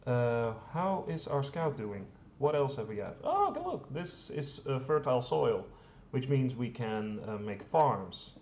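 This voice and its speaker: A let's play host rambles casually while playing a strategy game, self-deprecating and full of fillers and mild swearing. His mid-range voice swings widely in pitch, with a measured pace and darkish tone. The room echoes, with a faint hum behind him.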